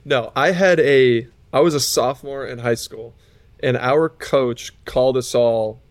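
A man's voice: medium pitch, unhurried, no room sound. A man co-hosting a casual sports podcast, telling a story in loose, rambling fashion with frequent restarts. His mid-range voice sounds dry and close to the mic. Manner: rambling anecdote, hesitant restarts. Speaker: podcast co-host, former college player.

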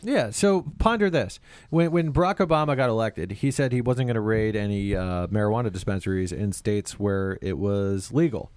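A man's voice: lowish voice, normal speed, a little mellow, smooth, no echo. Rambling man, dry close sound. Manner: rambling, stammers and fills with "like". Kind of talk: casual chat.

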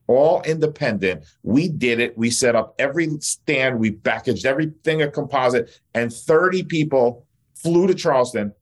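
A male dentist and educator talking in a casual interview, blunt, fired-up and openly emotional. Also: mid-range voice.

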